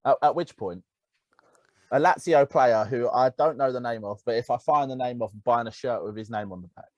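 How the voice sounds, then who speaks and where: A man's voice: mid-range voice, a little fast, dry recording, highs cut off. A man co-hosting a casual football podcast, telling stories animatedly. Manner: animated storytelling, laughing. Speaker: podcast co-host.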